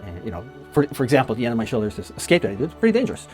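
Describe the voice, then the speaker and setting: A man's voice: medium pitch, big pitch swings, racing, a little mellow, soft background music. A middle-aged man from Canada, a magician, telling fond and chatty stories about a late friend with frequent laughs. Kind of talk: casual spoken memorial tribute.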